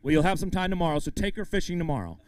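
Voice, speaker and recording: This emcee has a high, expressive voice and talks rapid-fire as he runs a live fishing tournament weigh-in outside. He announces the weights and keeps the mood upbeat, pumping up both the anglers and the crowd.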